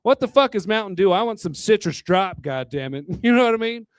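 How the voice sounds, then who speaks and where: Tipsy male stand-up comic with a high voice, crude and rambling, chuckles at his own jokes into a dry handheld mic. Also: lively intonation, fairly quick, clear, resonant tone, no echo. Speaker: stand-up comedian. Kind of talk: stand-up comedy set. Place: bar hosting a live comedy night. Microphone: handheld microphone.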